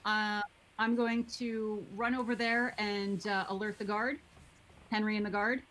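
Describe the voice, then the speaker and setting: A woman's voice: mid-range voice, level tone, unhurried, fairly bright tone, low-quality recording. A woman playing a tabletop game who plans her moves in a practical way, with many hesitations. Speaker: player. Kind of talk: casual tabletop play.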